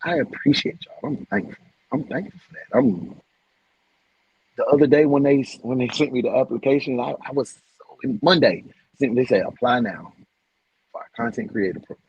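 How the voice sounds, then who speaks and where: A man hosting a casual livestream, heartfelt and repetitive, shouting out viewers by name. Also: mid-range voice, animated, normal speed, long pauses, husky, no echo, lo-fi sound. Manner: heartfelt, preachy, repeats phrases. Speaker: livestream host.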